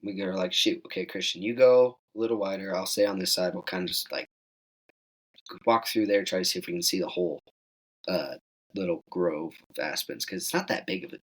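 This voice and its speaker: A man's voice: a little fast, poor audio. A teenage young man telling a hunting story in casual chat, acting out the quoted lines in a raised voice. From Wyoming. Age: teens. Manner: animated, acts out quoted dialogue in higher voice. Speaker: guest hunter.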